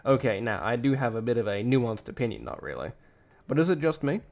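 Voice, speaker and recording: A man's voice: medium pitch, sing-song, fairly quick, gravelly, a little mellow. A tired man streaming and reacting to a clip, rambling and blunt in casual commentary, cursing freely.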